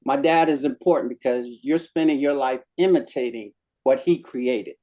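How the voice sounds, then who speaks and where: A man's voice: mid-range voice, normal speed. Man chatting as a laughing interview guest. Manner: laughing often, telling animated anecdotes. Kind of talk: casual interview chat.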